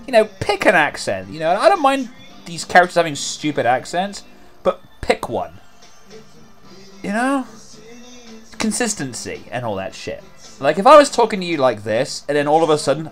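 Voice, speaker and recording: A man's voice: fairly high pitch, very animated, moderate pace, faint music behind. Sarcastic rambling male commentator. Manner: sarcastic and rambling, many "like" and "you know". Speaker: video commentator. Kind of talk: casual mocking commentary.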